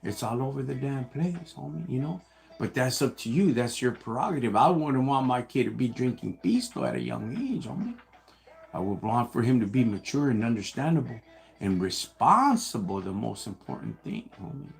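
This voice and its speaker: A man's voice: mid-range voice, very animated, normal speed, creaky. A man raised in the United States, hosting a casual livestream and answering viewer questions in laid-back street slang, calling everyone homie and dog.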